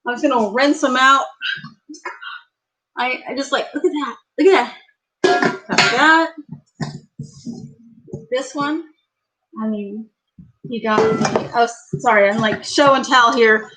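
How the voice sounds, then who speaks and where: A middle-aged woman with a high voice talks slowly through an unboxing vlog, gushing with delight. She exclaims again and again as she shows each item in her home kitchen. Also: over music, poor audio. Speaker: vlogger.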